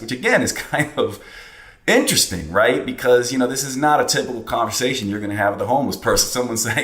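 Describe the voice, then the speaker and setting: A man's voice: medium pitch, expressive, fast, a bit bright, roomy sound. A man hosting a podcast, telling a personal story in a casual, reflective way with plenty of fillers and restarts. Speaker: podcast host.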